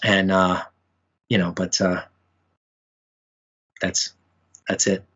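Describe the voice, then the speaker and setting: Casual male musician guest, slightly low voice, halting and rambling delivery, muffled home recording. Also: monotone, fairly bright tone, slightly rough. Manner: rambling, many fillers and restarts. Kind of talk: casual interview chat. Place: home room with memorabilia.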